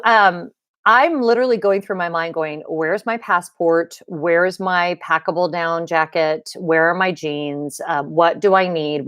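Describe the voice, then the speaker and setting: A woman's voice: medium pitch, dry recording, studio quality. A woman hosting a casual livestream from her home computer, chatting loosely with viewers and greeting them by name as she talks. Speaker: livestream host.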